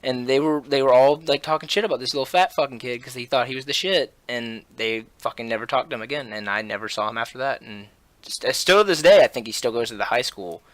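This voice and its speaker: A man's voice: medium pitch, quick pace, dry recording. A young man telling a school fight story on a casual podcast, full of swearing, fillers and restarts. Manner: animated, profane, with many fillers and restarts. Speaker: podcast host.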